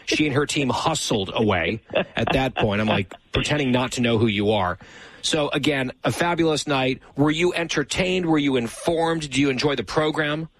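A man's voice: mid-range voice, moderate pace, a bit bright, no room sound, low-quality recording. A man hosting a show, chatting casually and telling stories with a wry, teasing manner. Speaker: show host. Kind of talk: casual chat.

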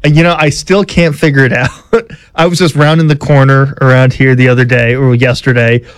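A man working as a radio show producer, reading quiz questions in a flat, monotone delivery and chuckling often. His voice sits at an ordinary pitch for a man and sounds dry and close on the mic. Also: normal speed, smooth, dry recording. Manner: monotone, laughs easily. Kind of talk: casual on-air banter, reading a quiz. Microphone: studio microphone.

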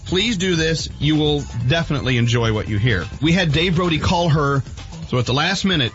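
A man's voice: a little high, animated, a little fast, fairly bright tone, muffled recording, faint music behind. A male radio host telling a story in an eager, chatty way. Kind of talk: radio show chat.

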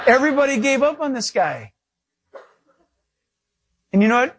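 A male pastor preaching a sermon, animated and acting out little dialogues. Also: extremely high pitch, moderate pace, pauses often, slight background noise.

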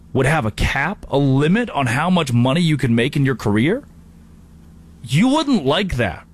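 A male sports radio host talking straight to his audience in a lively, joking monologue. His voice sits at an ordinary middle pitch, and he keeps the energy up with asides and quick impressions. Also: slightly rough. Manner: animated, jokey, tosses in brief impressions.

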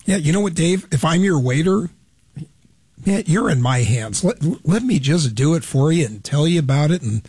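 Radio host, man, husky and slightly high, animated storyteller, dry studio sound. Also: moderate pace, no room sound. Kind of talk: casual radio chat.

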